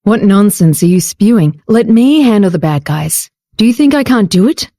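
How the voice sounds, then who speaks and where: A woman voicing a confident, teasing husband in an audiobook romance, speaking lower and patiently. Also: expressive, normal speed, mellow, no room sound, studio quality. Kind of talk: audiobook character voice.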